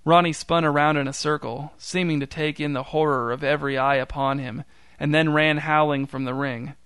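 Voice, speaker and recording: Man reading a story, smooth and deadpan. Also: a little high, moderate pace, dry recording. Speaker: narrator. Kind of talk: scripted story narration.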